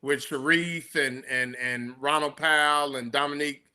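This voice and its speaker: A man's voice: fairly high pitch, steady tone, moderate pace, pushed and bright, clean tone. A man co-hosting a sports talk podcast as a journalist, talking in an emphatic, earnest way. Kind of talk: casual sports talk chat.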